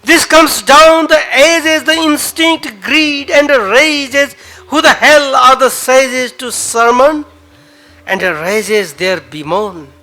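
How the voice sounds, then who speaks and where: A man with a Nepali accent reciting his own poetry at an open mic in a cafe bar, dramatic and emotive, with pauses and repeated lines. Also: extremely high pitch, pushed and bright, soft background music. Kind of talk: spoken word poetry reading.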